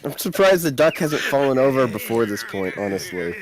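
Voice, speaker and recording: A man's voice: medium pitch, very animated, fairly quick, low-quality recording. Dry-voiced man chatting on a stream. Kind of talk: casual chat. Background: game music.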